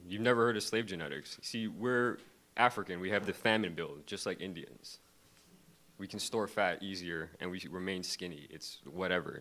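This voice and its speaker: A man's voice: deep voice, fairly bright tone. A young man doing a loose, crowd-baiting stand-up set on a comedy club stage, laughing between his lines. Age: young adult.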